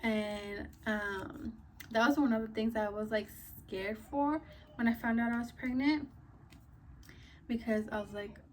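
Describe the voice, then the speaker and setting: A woman's voice: fairly high pitch, steady tone, unhurried, far from the mic, slight background noise. A young woman vlogger telling a casual story, chatty and full of "like" and "um", a little out of breath. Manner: chatty, many fillers like "like" and "um".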